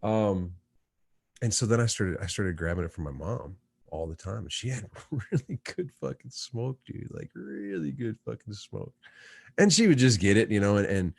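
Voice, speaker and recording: A man with a lowish voice tells a rambling story in casual chat. He laughs often and swears freely. The sound is dry and close, with no room echo. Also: normal speed, gravelly, slightly rough. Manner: laughing, profane, animated storyteller. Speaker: podcast guest.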